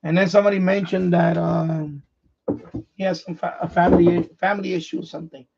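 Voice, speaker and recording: The host is a man with a high, gravelly and husky voice who rambles and keeps circling back over the same point. The stream audio sounds dull and lo-fi. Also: level tone, brisk, a little mellow. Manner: repetitive, restarts sentences often. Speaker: livestream host, amateur radio operator. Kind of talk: casual rambling chat.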